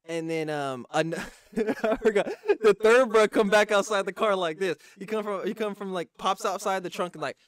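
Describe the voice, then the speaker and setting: A man's voice: high voice, normal speed, no room sound, clean studio sound. A young man, co-hosting a podcast and telling a story in rambling, slangy casual chat. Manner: slangy, rambling, restarts often. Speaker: podcast co-host.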